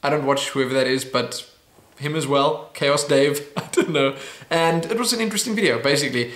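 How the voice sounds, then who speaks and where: A man hosting a casual weekly Q&A video, playful and laughing, slowly sounding out foreign phrases. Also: a little high, fairly bright tone, echoey room. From South Africa. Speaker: YouTube host. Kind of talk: casual Q&A chat.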